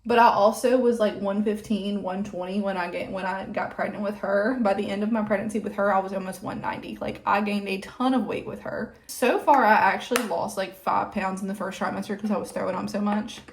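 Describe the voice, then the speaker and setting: A woman's voice: mid-range voice, steady tone, brisk, few pauses. A young adult woman chatting casually while getting ready, rambling with lots of "like", a little out of breath. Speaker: vlogger. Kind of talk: casual get-ready-with-me chat.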